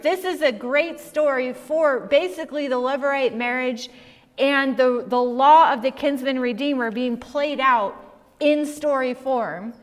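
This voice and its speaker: High-voiced woman teaching in a hall. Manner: chatty and playful, asks the class questions. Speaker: Bible study teacher. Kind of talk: casual, humorous Bible lesson.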